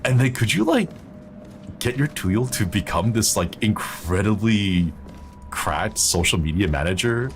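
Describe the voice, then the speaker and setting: A man streaming a horror game, chatting casually in a rambling, jokey way and getting easily excited. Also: lowish voice, a little slow, faint music behind. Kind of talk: casual gameplay commentary.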